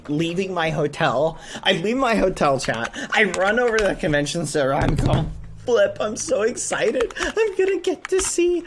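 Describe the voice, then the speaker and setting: A man with a slightly high voice streams live, telling his chat a story in an animated, exclamatory way while avoiding swearing. A little hiss or hum can be heard.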